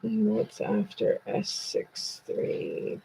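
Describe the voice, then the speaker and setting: A woman's voice: medium pitch, wildly swooping pitch, very slow, vocal fry, dark tone, a little hiss or hum, rough recording. A woman hosting a casual true crime livestream from her computer desk, chatting bluntly with viewers and swearing freely. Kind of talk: casual live-stream chat with viewers.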